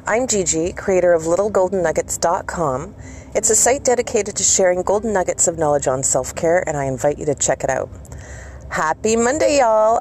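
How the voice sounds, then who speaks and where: A woman's voice: medium pitch, a little mellow, a little hiss or hum. A woman from Canada hosting a self-care vlog, talking in an encouraging, chatty way with small asides. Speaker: self-care vlogger and host. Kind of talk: casual motivational talk.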